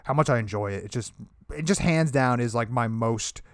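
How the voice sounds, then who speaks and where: A man's voice: mid-range voice, normal speed, no room sound. A man talks in a loose, rambling podcast chat about films, swearing freely as he gets going. His voice sits in the middle range and sounds dry and close to the mic. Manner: enthusiastic, rambling, casual swearing. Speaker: podcast co-host. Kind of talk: casual movie chat.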